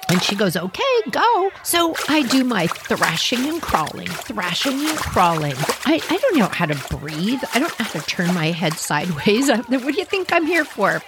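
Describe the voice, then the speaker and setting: Animated woman telling a childhood story. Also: mid-range voice, normal speed, few pauses, noisy background. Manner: animated, dramatic retelling with asides to listeners. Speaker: podcast host. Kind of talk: personal storytelling.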